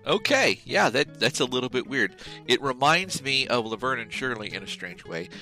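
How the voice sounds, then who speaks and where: A man's voice: medium pitch, very animated, moderate pace, bright, forceful tone, soft background music, poor audio. A man co-hosting a casual podcast, talking in a rambling, profane, jokey way. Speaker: podcast co-host. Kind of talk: casual chat, reading a joke ad.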